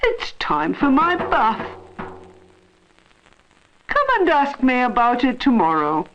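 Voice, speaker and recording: A woman voicing a grand male god who speaks formally and a little offhandedly, for an animated storybook film. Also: fairly high pitch, slow pace, pitched above the performer's own voice, heavily acted. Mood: lofty. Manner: lofty, formal, rather offhand. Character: big grand male god, lofty and unbothered. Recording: dull old film soundtrack with music.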